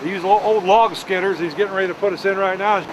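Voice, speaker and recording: A man's voice: sits high, fairly even intonation, fast. A man hosting a fishing trip on camera from a boat, enthusiastic and joking in casual chat. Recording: loud boat engine and water noise.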